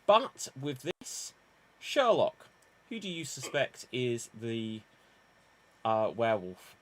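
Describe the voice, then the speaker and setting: A man's voice: mid-range voice, very animated, takes it slowly. A man hosting a live improv murder-mystery game, announcing rounds and calling votes in a theatrical manner. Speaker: improv show host.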